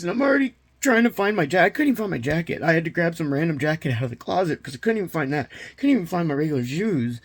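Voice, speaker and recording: A man vlogging a personal confession, retelling events in an agitated, halting way with nervous laughs. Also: on the high side, husky.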